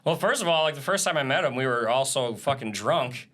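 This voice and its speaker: A man in his thirties with a bright, forward voice tells tour stories in a relaxed podcast chat. He's animated and loose, swearing freely and laughing as he goes. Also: medium pitch, brisk. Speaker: live audio engineer and drummer. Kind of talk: casual podcast interview.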